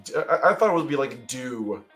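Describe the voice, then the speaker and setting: A man's voice: a little high, fast talker, fairly bright tone, faint music behind. A man chatting casually on a live stream, musing over ideas and laughing often. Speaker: co-host of a worldbuilding stream. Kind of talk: casual chat.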